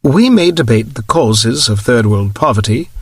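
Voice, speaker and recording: A calm, formal woman commissar with a British accent, read by a male narrator. She speaks in measured, even sentences. The sound is dry and close. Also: mid-range voice, slightly rough, dry recording.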